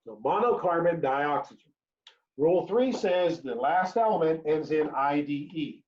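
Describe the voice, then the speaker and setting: A man's voice: a little high, animated, a little slow, a little mellow. A man teaching an introductory chemistry lecture, repeating key phrases and checking in with "right?" as he works through examples. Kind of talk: recorded online lecture. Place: home or classroom during remote teaching. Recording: dull lo-fi lecture recording.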